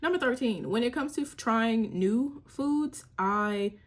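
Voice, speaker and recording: A woman's voice: on the high side, a little slow. A young mother, chatting candidly and wryly about parenting in a casual vlog. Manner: candid, wry, slangy, breaks into playful voices. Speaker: mother sharing parenting tips. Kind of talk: casual chat.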